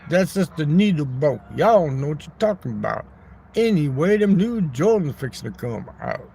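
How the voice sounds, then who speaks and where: A man's voice: on the high side, sing-song, moderate pace, gravelly, warm tone, slight background noise. A man hosting a rambling, crude, joking livestream outdoors in a neighborhood park, talking into his phone. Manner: rambling, crude joking, talks back to chat. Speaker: livestream host. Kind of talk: rambling casual livestream chat.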